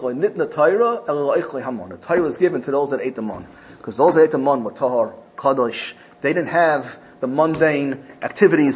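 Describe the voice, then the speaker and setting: A man's voice: medium pitch, slight background noise. Emphatic man teaching a Torah lesson. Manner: repetitive, emphatic, rhetorical.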